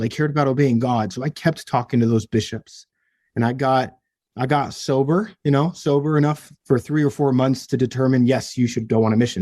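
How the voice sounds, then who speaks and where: A man's voice: medium pitch, mellow, dry recording, studio quality. A young man, a podcast guest, telling his own story earnestly and emotionally, often restarting his sentences. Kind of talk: personal story in an interview.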